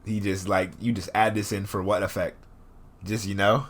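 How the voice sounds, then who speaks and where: A young man hosting a casual reaction video, animated and laughing, repeating his words as he comments. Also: on the low side, moderate pace. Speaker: host.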